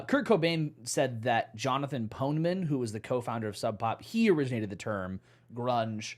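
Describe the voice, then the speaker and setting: A man hosting a casual music podcast chat, animated, laughing and swearing often. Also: mid-range voice. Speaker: podcast host.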